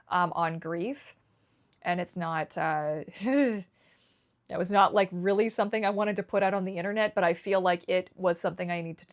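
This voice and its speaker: Canadian woman vlogging, kinda low voice, emotional, rambly, keeps restarting. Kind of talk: candid personal vlog.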